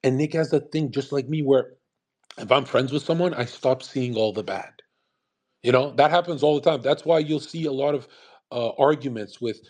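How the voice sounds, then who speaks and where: Husky, profane man ranting casually. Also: medium pitch, moderate pace, a little mellow. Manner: rambling, profane, emphatic, restarts often. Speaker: host. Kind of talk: casual monologue commentary.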